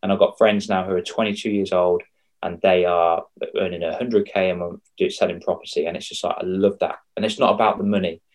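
Lively man telling stories. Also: sits low, brisk. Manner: animated storyteller, acts out quoted voices. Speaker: confidence coach for kids. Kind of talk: casual podcast chat.

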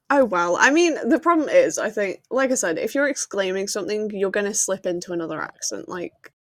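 A woman's voice: medium pitch, lively intonation, moderate pace, no echo. A woman co-hosting a podcast in casual chat, laughing often as she talks. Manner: giggly, chatty, often laughing. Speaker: podcast co-host.

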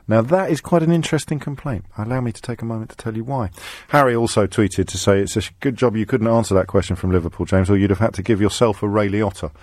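A man's voice: on the low side, fast talker, hardly any pauses, a little mellow, no echo. A man hosting a radio phone-in, speaking with a slight Kidderminster twang in a wry, teasing manner with frequent restarts. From Kidderminster, English Midlands. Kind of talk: casual phone-in chat. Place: radio studio.

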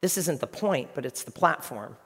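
A man in his fifties, a pastor preaching a sermon with animated, emphatic storytelling. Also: on the high side, moderate pace, breathy edge, in a large hall. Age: 50s.

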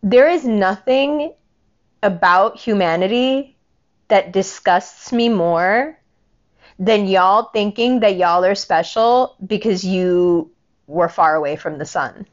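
A woman in her forties delivers a heated, profanity-laced monologue, slipping into lowered voices when quoting others. The audio is slightly dull and lo-fi. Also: slow pace. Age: 40s. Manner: profane, animated, quotes people in lowered voices. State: angry. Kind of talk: casual ranting monologue.

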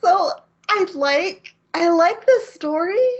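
Lo-fi sound carries a woman's very high voice, full of lively intonation as she takes her time. Chatting casually on the podcast she co-hosts, she retells the plot of an anime and keeps laughing.

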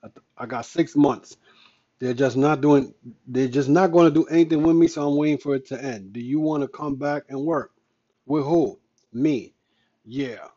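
Male podcast host, mid-pitched, emphatic and heated, repeats his points; dull lo-fi recording. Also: normal speed, mellow. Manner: heated, repetitive, emphatic ranting. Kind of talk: casual ranting commentary.

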